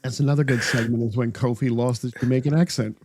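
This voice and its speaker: A podcast co-host recapping in blunt, lively casual chat. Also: medium pitch, fast talker, slightly rough.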